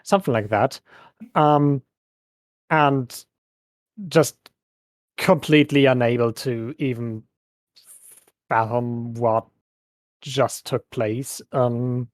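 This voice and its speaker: A man's voice: medium pitch, steady tone, dry recording. A man describing his character during a tabletop role-playing game, hesitant and full of fillers. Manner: slow, hesitant, lots of fillers. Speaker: player.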